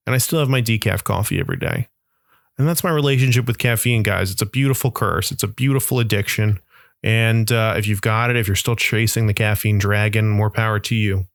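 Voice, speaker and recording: A man's voice: fairly low pitch, vocal fry, no echo, clean studio sound. Rambling young man doing comic monologue. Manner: rambling, self-mocking storytelling. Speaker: podcast host.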